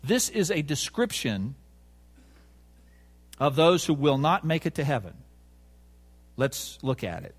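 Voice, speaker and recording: Animated male preacher with lively pitch. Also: takes it slowly, long pauses, breathy edge. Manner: emphatic, rhetorical questions, stresses key words. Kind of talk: sermon.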